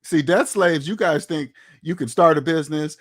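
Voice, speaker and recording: Blunt, lecturing man, slightly high voice. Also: moderate pace. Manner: blunt, lecturing, rhetorical questions. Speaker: finance commentator. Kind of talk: casual opinionated talk to camera.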